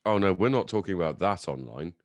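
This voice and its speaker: Low, lively man, sweary banter. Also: fast talker, dull audio, heavy background noise. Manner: blunt, sweary banter, animated storytelling. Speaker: podcast host. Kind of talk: casual chat.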